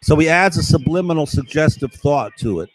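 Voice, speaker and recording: A man's voice: fairly high pitch, lively intonation, a little fast, no echo, rough recording. A man in a casual monologue, rambling and insistent, with an aggrieved, conspiratorial tone that keeps checking in with "right?".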